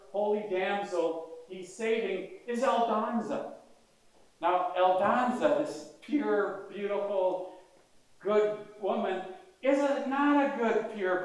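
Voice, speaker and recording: Older male priest, fairly high voice, folksy sermon, big echoing church, mic at a distance. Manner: conversational preaching with questions to the congregation. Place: large church. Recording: echoey church heard from a distance.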